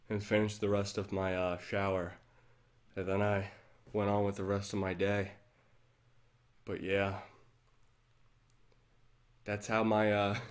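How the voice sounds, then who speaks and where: Man, livestream host, casual chat, animated storytelling, dramatic retelling. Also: fairly low pitch.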